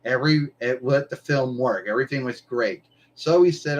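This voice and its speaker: A man hosts his live stream in an easygoing, wandering monologue. His voice sits at an ordinary middle pitch, and he drops casual swears as he goes. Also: moderate pace, poor audio. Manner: meandering, loose, swears casually. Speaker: livestream host.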